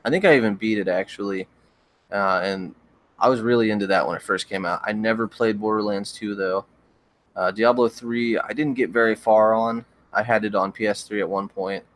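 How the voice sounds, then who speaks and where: Laid-back young man, low dry voice. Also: normal speed, dry recording. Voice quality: relaxed, rambling with frequent stammered restarts. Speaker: livestream host. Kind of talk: casual chat reading viewer comments.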